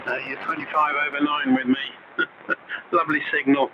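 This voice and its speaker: A man's voice: fairly high pitch, little pitch movement, moderate pace. A man running an amateur radio net, giving signal reports and chatting in a friendly way. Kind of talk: casual radio net chat. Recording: heavy static on muffled AM shortwave reception.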